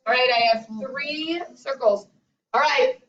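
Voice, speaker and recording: Teacher lady doing a singsongy math lesson, highish voice, roomy far-off classroom sound. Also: measured pace, a bit bright. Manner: sing-song, coaxing call-and-response with young children. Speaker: kindergarten teacher. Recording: roomy, distant, dull classroom recording.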